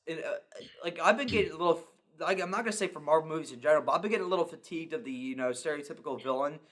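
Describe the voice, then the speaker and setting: A young man chatting casually in a movie review podcast, excitable and rambling, acting out scenes as he talks. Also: on the high side, racing. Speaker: podcast co-host.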